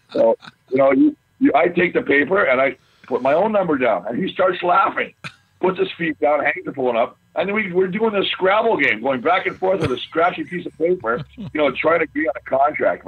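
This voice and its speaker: A man's voice: medium pitch, husky, narrow, tinny audio. A middle-aged man, a former pro football lineman, telling boisterous stories in casual chat and swearing freely. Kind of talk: casual storytelling.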